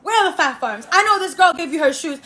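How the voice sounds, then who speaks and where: A woman's voice: very high-pitched, lively intonation, fast, slight background noise, pitched above the performer's own voice, exaggerated voice. A woman voicing her angry mother as she scolds and accuses. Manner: shouting, accusing. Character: furious scolding mother, middle-aged woman.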